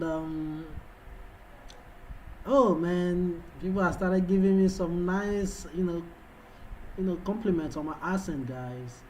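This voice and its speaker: His voice is high-pitched and darkish, captured on a low-quality recording with a bit of hiss or hum. This Nigerian livestream host and trading analyst, a native Yoruba speaker, chats live with viewers, hyping them with repeated calls in a put-on foreign-sounding English accent.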